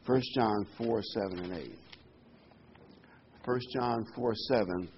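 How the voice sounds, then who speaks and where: A man's voice: on the low side, slow, pauses often, highs cut off, a little hiss or hum. Earnest man preaching with emphatic repetition. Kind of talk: sermon.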